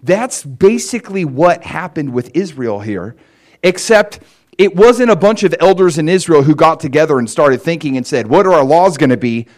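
A man's voice: fairly high pitch, very animated, moderate pace. Chatty American preacher man. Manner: conversational, many fillers like "like" and "you know"; checks in with listeners by asking if it makes sense. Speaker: pastor. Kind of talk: casual teaching sermon.

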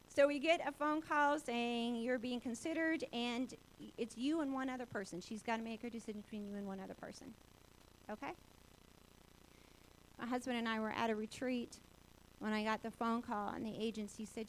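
A woman in her forties telling a personal faith story, animated and laughing often as she acts out the voices of people she quotes. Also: on the high side, normal speed, pauses often, slight background noise, poor audio. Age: 40s.

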